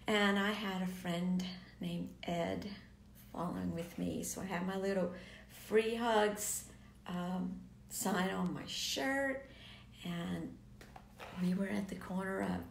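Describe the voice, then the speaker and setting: A woman's voice: mid-range voice, takes it slowly, vocal fry. A woman telling a personal story in an earnest way, often falling to a near whisper and pressing hard on key words. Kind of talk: personal story told to viewers. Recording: echoey room, faint background noise.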